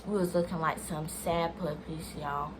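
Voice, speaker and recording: Young woman, vlogger, casual storytime, lower-pitched voice, rambling and chatty, addresses viewers directly. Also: fairly even intonation, moderate pace, background noise. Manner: chatty, talks straight to viewers as "y'all"; rambling, restarts sentences, many "like"s.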